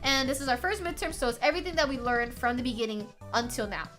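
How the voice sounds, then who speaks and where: A young woman streaming, telling a story to her chat in a casual, animated way, laughing often and swearing freely. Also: high voice, fast talker, faint music behind. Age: young adult. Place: home streaming setup.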